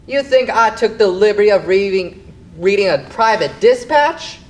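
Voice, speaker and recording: A high-voiced fibber with a teasing, sly way of talking, played by a young man on stage. His voice sits well above the usual male range, and he swings between playful needling and hushed, faraway storytelling. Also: animated, normal speed. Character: young man Neil, a scheming, dreamy fibber. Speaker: stage actor. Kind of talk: live stage play acting.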